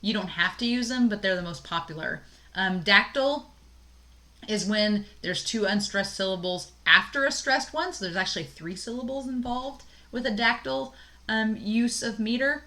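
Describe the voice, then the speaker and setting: A woman's voice: mid-range voice, moderate pace, sharp tone. A woman instructor giving a recorded college lecture on poetry terms, explaining casually with fillers and small laughs.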